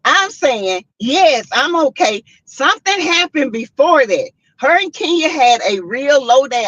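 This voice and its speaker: Animated woman commentator, lo-fi sound. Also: high voice, breathy edge, no room sound. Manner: animated, emphatic, repeats points. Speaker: host. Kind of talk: casual commentary reading live chat. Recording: dull lo-fi sound.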